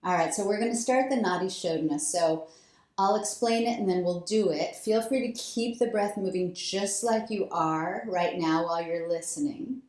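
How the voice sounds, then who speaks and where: Yoga teacher lady talking you through breathing, calm and slow, kinda echoey room. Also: fairly low pitch. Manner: calm, slow guiding cues, growing softer. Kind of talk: guided breathing instruction. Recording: roomy echo.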